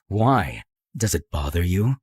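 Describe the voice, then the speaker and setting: A man voicing a low, husky, teasing young guy. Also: big pitch swings, takes it slowly, a little mellow, exaggerated voice. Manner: dry teasing, drawling. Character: young man Gavin, sarcastic, teasing, guarded. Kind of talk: animated story voice acting.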